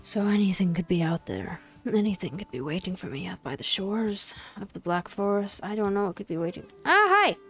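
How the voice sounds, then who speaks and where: A woman's voice: fairly low pitch, a little fast, hardly any pauses, a little mellow, soft background music. A woman commentating her own gameplay in a casual, playful way, chatting to the game's creatures and apologizing to them. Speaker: gaming channel host.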